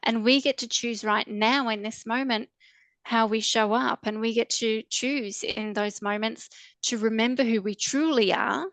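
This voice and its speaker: A woman trauma coach explaining in a calm, gentle, reassuring way as a podcast guest. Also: a little high, measured pace, no echo.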